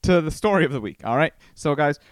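A man's voice: fairly high pitch, expressive, fast, clear, resonant tone, no echo, clean studio sound. A man from Costa Rica hosting a casual solo podcast, telling rambling stories with many restarts. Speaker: podcast host.

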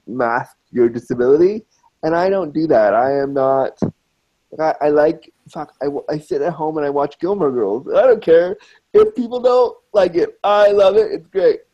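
A man's voice: on the high side, dark tone, low-quality recording. A man in casual conversation, talking frankly and emphatically, repeating words to drive his points home. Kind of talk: casual chat.

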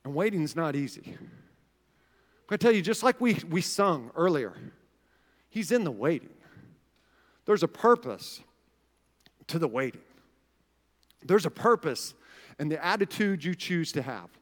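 Male pastor, high-pitched, animated storyteller who keeps checking in with the room. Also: measured pace, pauses often, long reverb tail. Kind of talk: storytelling sermon.

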